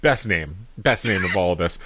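A man co-hosting a podcast in relaxed casual chat, often trailing off quietly. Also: low-pitched, moderate pace, a little hiss or hum. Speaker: podcast co-host.

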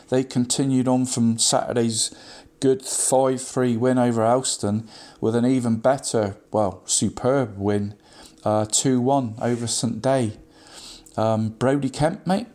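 A man's voice: medium pitch, darkish tone. A man giving a casual local football results roundup, constantly saying "mate" with frequent ums and restarts.

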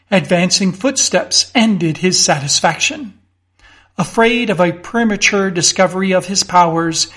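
A man narrating a classic story in a measured, expressive way. His voice sits high. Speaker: audiobook narrator. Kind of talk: reading a classic story aloud.

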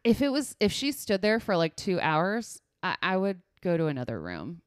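A young woman co-hosting a casual movie podcast, talking in an animated way with laughs and quick asides. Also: lowish voice, smooth, dry recording, studio quality. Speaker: podcast co-host.

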